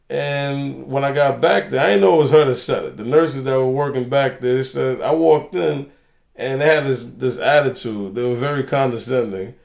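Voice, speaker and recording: A young man hosts a casual vlog in a mid-range, gravelly, darkish voice at a moderate pace. He's a loose, rambling storyteller who swears plenty.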